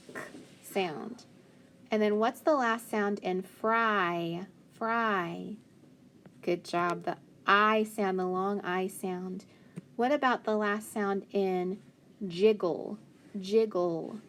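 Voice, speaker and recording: This is a children's phonics lesson in which a woman carefully and slowly sounds out letters and words. Her voice is mid-range, and a little hiss or hum can be heard.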